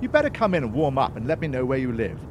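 A man's voice: mid-range voice, very animated, quick pace, noisy background. A man playing a prim, put-upon man who mutters to himself and turns sarcastic, in a comedy audio drama. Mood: fussy.

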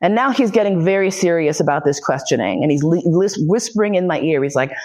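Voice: mid-range voice, expressive, brisk, hardly any pauses, a little mellow. A podcast host telling a personal story in a blunt, profane way, full of fillers and restarts, acting out what other people said. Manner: blunt, profane, with frequent fillers and self-interruptions; vivid re-enactment of other people's speech. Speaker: podcast host giving a lecture.

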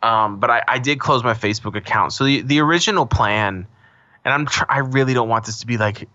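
A married man co-hosting a casual podcast, telling profane, animated stories and acting out what people said. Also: medium pitch, a little fast, no room sound, lo-fi sound. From American Southwest. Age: adult, married. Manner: profane, animated storytelling with acted-out quotes. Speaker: podcast co-host.

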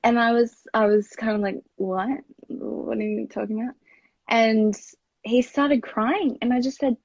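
A woman's voice: on the high side, steady tone, unhurried, a little mellow, dry recording. A young woman with an Australian accent telling a personal story, rambling and full of fillers. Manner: rambling, filler-heavy and chatty. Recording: dull, lo-fi dry home recording.

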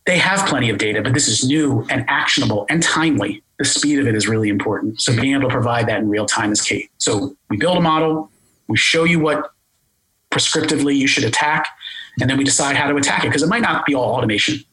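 Bright, husky man explaining tech fast. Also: medium pitch, rough recording. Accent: Philadelphia. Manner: fast, jargon-heavy, animated explaining. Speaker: tech company guest explaining voice AI. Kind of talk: conversational interview explanation.

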